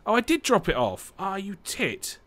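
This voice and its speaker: A man's voice: high voice, wildly swooping pitch, moderate pace, a bit bright. Chatty British man swearing over a game. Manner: chatty, swears often, hums to himself while playing. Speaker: gaming streamer. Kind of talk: casual let's-play commentary.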